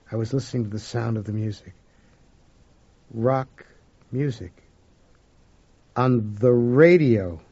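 A man with a gravelly, husky voice narrates a first-person story. His reading is dramatic, dropping to hushed whispers and rising to loud outbursts. The recording sounds dull and lo-fi. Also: mid-range voice. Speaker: audiobook narrator.

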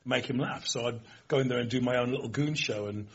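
A man's voice: medium pitch, quick pace, breathy edge. A man hosting a talk show, asking teasing, jokey questions. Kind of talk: casual chat-show interview. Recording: dull lo-fi recording.

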